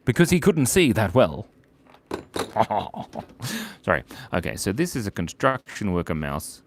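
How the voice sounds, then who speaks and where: A man's voice: lowish voice, big pitch swings, a little slow, background noise. A man hosting a casual live drawing stream, giggly and playful, telling silly jokes while he draws at his desk at home. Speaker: art stream host.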